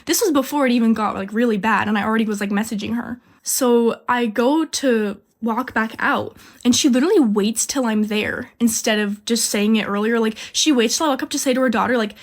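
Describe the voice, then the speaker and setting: A young woman telling a casual storytime about her job, chatty and indignant, with lots of "like". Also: a little high. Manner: chatty, fast, full of "like", quoting people with indignation. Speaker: storyteller recounting a job as a cashier.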